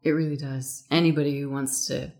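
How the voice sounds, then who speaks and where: A woman hosting a casual podcast chat, talking quickly and with excitement. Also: rumbling low. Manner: animated, quick-talking, self-described fast speaker. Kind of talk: casual conversation.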